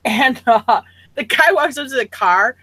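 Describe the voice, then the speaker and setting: Woman, animated storytelling, bright voice, dry sound. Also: a little high, unhurried, husky, no room sound, poor audio. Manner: animated, acts out quotes. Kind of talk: casual storytelling chat.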